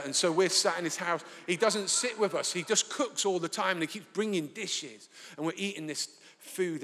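Male preacher, Northern English accent, higher voice, lively storyteller, recorded live in a big reverberant church. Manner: lively storytelling, acts out dialogue. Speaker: pastor. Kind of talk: sermon with anecdotes. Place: large church hall, live. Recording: long hall reverb.

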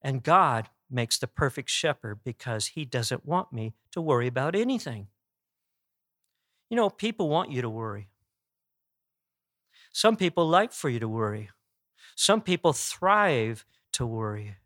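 A man's voice: medium pitch, big pitch swings, measured pace, long pauses, fairly bright tone, no room sound, clean studio sound. A man preaching a sermon in an earnest, emphatic way, with some restarts.

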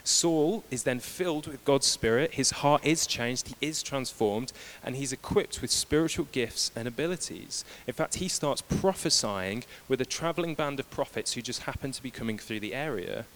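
A man's voice: mid-range voice, normal speed, few pauses. Preacher man retelling scripture casually. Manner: retells scripture dialogue in lively, casual voices. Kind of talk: sermon.

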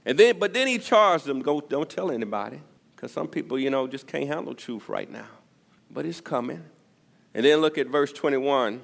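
A male pastor preaching a sermon, his delivery swinging from loud emphasis to near-whispers. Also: mid-range voice, lively intonation, moderate pace, vocal fry. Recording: long reverb of a church hall.

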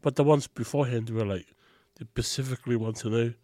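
A man co-hosting a podcast in casual chat, telling stories and laughing loudly at them. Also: mid-range voice, fast talker, no room sound, studio quality. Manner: animated, laughs loudly at his own stories. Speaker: podcast co-host.

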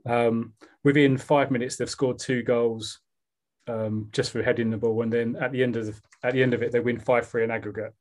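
A man's voice: mid-range voice, flat delivery, fairly quick, a little mellow. A man with a South East London accent, co-hosting a podcast and retelling a comic story in casual, rambling chat. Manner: rambling, with fillers and restarts. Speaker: podcast co-host.

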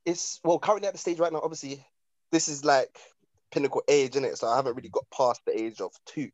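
A man's voice: mid-range voice, quick pace, darkish tone, no echo, low-quality recording. A young man chatting casually on a podcast, rambling with slang and restarts. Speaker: podcast co-host. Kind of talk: casual chat.

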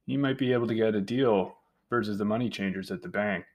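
A man's voice: fairly low pitch, fast talker. A man voicing a tired young male lab researcher who talks casually with hesitations in an audiobook.

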